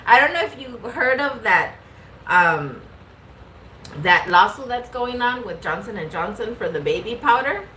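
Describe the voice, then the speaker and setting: A woman co-hosting a vlog chats casually and keeps breaking into laughter. Her voice is bright and sharp. She sits a little back from the mic, with faint noise behind her. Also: on the high side, lively intonation, measured pace, far from the mic, low-quality recording. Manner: giggly, laughing, amused reactions. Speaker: vlog co-host. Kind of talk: casual chat.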